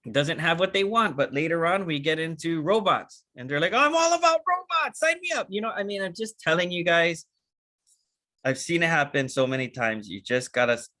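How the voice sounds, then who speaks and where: A man giving an energetic, animated training talk on a video call, acting out short dialogues with big jumps in pitch. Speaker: network marketing trainer.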